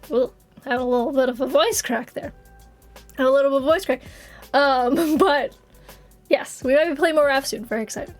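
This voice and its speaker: A woman's voice: high voice, normal speed, pauses often, soft background music. A woman streamer in casual livestream chat, rambling and giggly, swearing casually as she talks.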